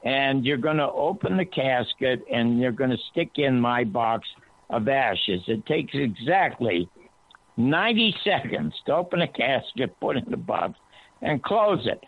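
A man on a talk radio show telling an animated story, his voice climbing high when he quotes himself. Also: unhurried. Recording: tinny phone-line sound, dry.

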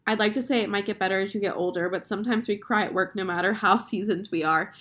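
A woman's voice: mid-range voice, fast, fairly bright tone. A young woman in her twenties hosting an advice show, talking casually and earnestly, with lots of fillers. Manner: chatty, filler-heavy, earnest. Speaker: advice podcast host.

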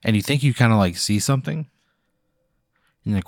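A man's voice: on the low side, lively intonation, fairly quick, no room sound, studio quality. A man co-hosting a comedy podcast, rambling through an absurd improvised hypothetical. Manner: rambling, building an absurd scenario.

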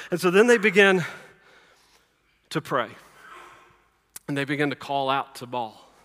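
High bright-voiced preacher in a reverberant hall. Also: male voice. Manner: emphatic, swinging from loud to hushed; playful sarcasm. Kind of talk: sermon.

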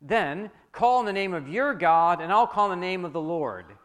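A man voicing a defiant old male prophet who speaks out loud and forceful, with long hall reverb. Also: high voice, animated, moderate pace, voice pushed up. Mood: commanding.

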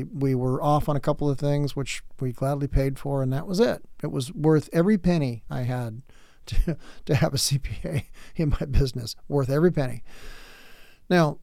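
A man's voice: on the high side, creaky, a little mellow, no room sound, studio quality. A man in his late fifties, a podcast host giving a candid spoken lecture, blunt and earnest, often restarting his phrases. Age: late 50s.

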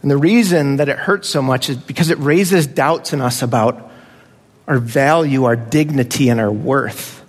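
A man's voice: mid-range voice, moderate pace, long reverb tail. A man preaching a conversational sermon as pastor, now and then acting out voices of children.

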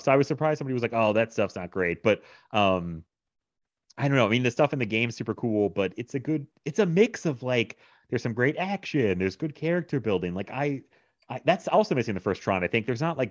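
A man's voice: medium pitch, no room sound. A man in casual film discussion, talking in a rambling, enthusiastic way and laughing often. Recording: dull lo-fi sound.

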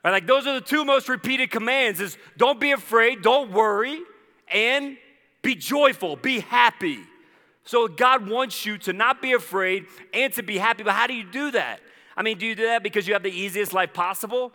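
Bright-voiced pastor preaching in a hall. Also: male voice, sits high, fairly quick. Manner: animated storytelling with conversational asides. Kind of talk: sermon. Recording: echoey hall reverb.

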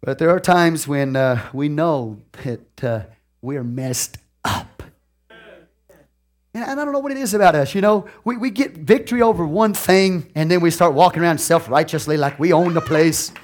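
A man preaching a sermon to his congregation, swinging from hushed confessions to shouted lines and laughing often. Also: fairly high pitch, normal speed. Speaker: pastor. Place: church.

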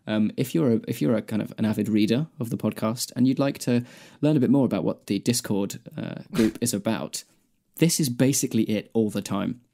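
A man's voice: lowish voice, a little fast, creaky. A man, a podcast co-host, reading a fan fiction aloud. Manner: deadpan reading, breaking into laughter.

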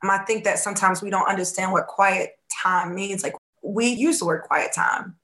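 A woman coaching on faith in a casual podcast chat, telling a lively story and acting out the dialogue, sometimes dropping to a hushed voice. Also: medium pitch, moderate pace. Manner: animated storytelling, acts out quoted dialogue.

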